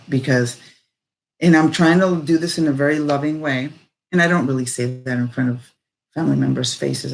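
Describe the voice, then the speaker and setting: A woman speaking casually and reflectively on personal growth, animated and rambling, full of fillers. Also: low voice, normal speed.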